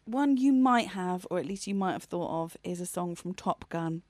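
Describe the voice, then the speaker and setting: A woman's voice: on the low side, animated, moderate pace, darkish tone. A woman co-hosting a podcast, talking animatedly and chattily about her song picks. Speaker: podcast co-host. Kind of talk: casual music chat.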